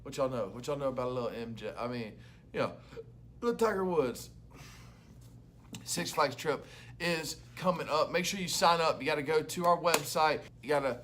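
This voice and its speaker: A young adult man, a youth pastor, giving an energetic, loud and chatty devotional talk to camera. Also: fairly high pitch, a little hiss or hum.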